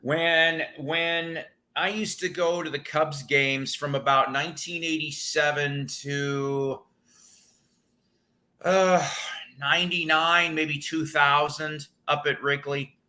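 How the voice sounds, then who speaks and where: A man's voice: on the high side, sharp tone. A man from the northern United States hosting a live stream, telling rambling anecdotes with frequent chuckles. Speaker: host of a record-collecting live stream. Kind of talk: casual storytelling chat.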